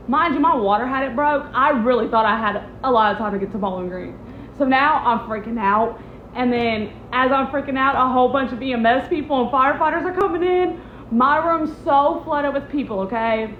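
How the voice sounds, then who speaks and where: A young woman, casually telling a personal story and acting out the quotes with lively jumps in her voice. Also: normal speed, a little hiss or hum. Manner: animated, acts out quotes with big pitch jumps. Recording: echoey, slightly muffled room audio.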